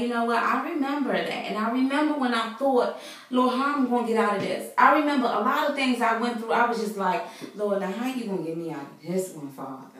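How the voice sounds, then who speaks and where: A woman's voice: fairly high pitch, distant mic. A woman vlogger giving an earnest, preachy faith talk to her viewers, casual and full of fillers. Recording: very echoey room, voice away from mic.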